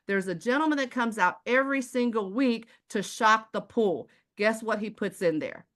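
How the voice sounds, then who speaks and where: A woman's voice: mid-range voice, fairly bright tone. A woman giving an emphatic presentation, asking the audience rhetorical questions and addressing them directly.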